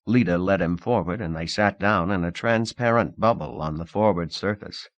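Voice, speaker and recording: A man narrating a novel in a measured, expressive audiobook reading. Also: low voice, dry recording.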